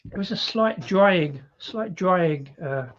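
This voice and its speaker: A man's voice: sits high, expressive, takes it slowly, highs cut off. A British man hosting a live beer review, chatty and rambling with frequent laughs. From Britain.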